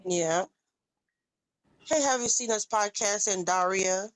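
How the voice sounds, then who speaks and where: A woman's voice: mid-range voice, slow pace, slight background noise. A woman hosting a livestream, ranting angrily and profanely at critics in a confrontational way, with a Southern US accent. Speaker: livestream host. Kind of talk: heated livestream rant.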